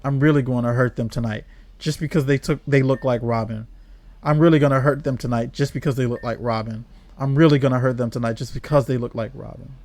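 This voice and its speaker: A man reading game dialogue aloud as a despairing young woman trapped in an endless world, in a flat, quiet, brooding way. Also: mid-range voice, quick pace, close to an everyday voice. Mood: menacing.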